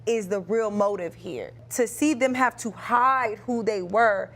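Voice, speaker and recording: A woman's voice: medium pitch, a little slow. A young adult woman co-hosting a talk show, sharing her experiences in an earnest, reflective way. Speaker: co-host.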